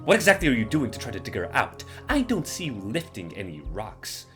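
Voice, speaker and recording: A man voicing an angry middle-aged mother in a game, yelling accusations in a raised, lively voice. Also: medium pitch, brisk, soft background music, pitched above the performer's own voice. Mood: furious. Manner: yelling, scolding.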